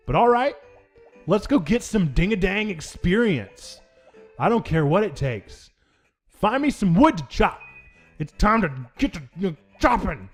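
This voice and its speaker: Young male gaming host, lively and jokey, swinging pitch all over, higher register. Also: measured pace, soft background music. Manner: playful mock outrage, big pitch swings. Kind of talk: let's play commentary.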